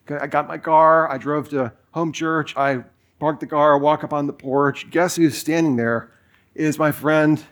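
A man in his forties preaching a sermon, telling a personal story in a casual way with lots of fillers. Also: a little high. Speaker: pastor.

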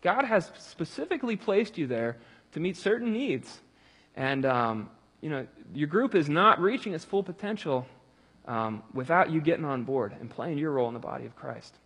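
A man's voice: a little high, animated, normal speed, fairly bright tone, breathy edge, big-room sound. A man preaching a conversational sermon, talking loosely with many fillers and restarts. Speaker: pastor.

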